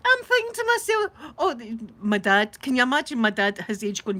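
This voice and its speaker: Scottish woman, middle-aged, stream host, casual storytelling, laughs a lot, fairly high voice. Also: normal speed. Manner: animated, laughs often while telling a story. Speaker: livestream host.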